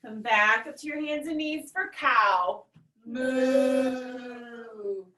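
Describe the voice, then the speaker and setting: A woman teaching a children's yoga class, giving gentle, instructive breathing cues with playful animal noises. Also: sits high, unhurried. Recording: echoey room, far from mic.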